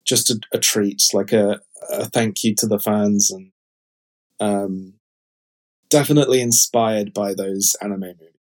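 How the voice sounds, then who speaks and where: A man's voice: fairly low pitch, fairly even intonation, unhurried, a little mellow. A man in casual podcast chat, rambling and full of fillers as he shares opinions. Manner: chatty, rambling, frequent fillers. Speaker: podcast co-host.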